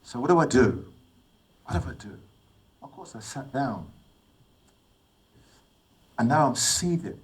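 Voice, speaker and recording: A middle-aged man from England speaks to a room of young people, moving from one personal story to the next. His voice sits at an ordinary mid pitch, and he keeps turning to his listeners with questions. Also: expressive, a little slow, long pauses, low-quality recording. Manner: storytelling, asks the audience questions. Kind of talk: motivational talk with personal stories.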